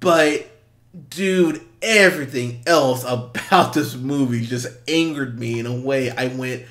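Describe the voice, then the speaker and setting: Slow and fairly bright in tone, a man co-hosts a movie podcast as a film reviewer, chatting casually with exasperation, lots of swearing, and restarts. He acts out quotes in high, mocking voices.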